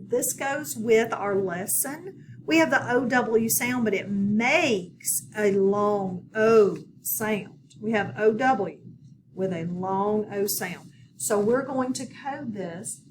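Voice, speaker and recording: Slow, patient woman teaching phonics. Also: on the high side. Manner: slow, patient, instructive with repeated prompts. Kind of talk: recorded video lesson. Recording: distant mic with background noise.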